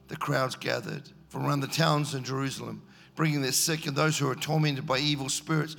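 A man preaches a storytelling sermon and acts out scenes in character voices. His voice is gravelly and husky, with a bright edge. It echoes through a church hall. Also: fairly high pitch, normal speed.

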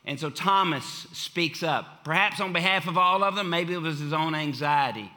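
A man preaching a sermon in a church, emphatic and given to repeating key phrases, swinging from loud declarations to hushed, quiet lines. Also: on the high side, normal speed. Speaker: pastor. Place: church sanctuary.

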